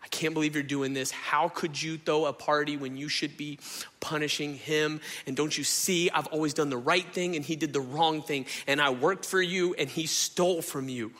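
A man preaching, playing a resentful older brother who rants indignantly and rises to shouts. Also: on the high side, steady tone, moderate pace, in a large hall, close to an everyday voice. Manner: ranting, rising to shouts.

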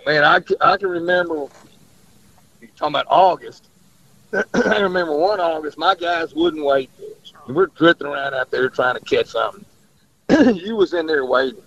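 A man's voice: on the high side, fairly bright tone, no room sound. A man, a fishing guide rambling through stories in casual radio chat and laughing often. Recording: dull lo-fi radio audio.

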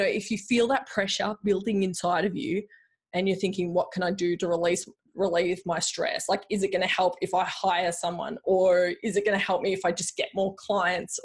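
A woman's voice: on the low side, slightly rough. A woman hosting a bookkeeping podcast in a chatty, rambling way, full of fillers and playful quoted voices. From Australia. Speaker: podcast host, bookkeeping coach. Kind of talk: casual solo podcast talk.

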